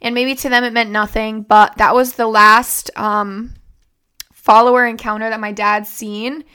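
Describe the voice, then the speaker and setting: A woman's voice: a little high, level tone, a little slow, pushed and bright, clear, resonant tone. A young woman vlogger telling a personal story in a rambling, conversational way, full of fillers and restarts.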